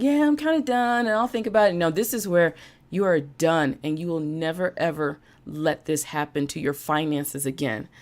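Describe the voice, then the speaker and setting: A woman hosting a live-streamed motivational talk, emphatic and repeating phrases for emphasis, with an occasional cough. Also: low voice. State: coughing now and then. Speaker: podcast host and business coach.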